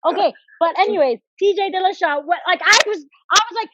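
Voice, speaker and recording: A woman, a professional fighter guest in a casual podcast interview, rambling in fast, animated, profane rants. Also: extremely high pitch, background noise. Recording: slightly dull, dry recording.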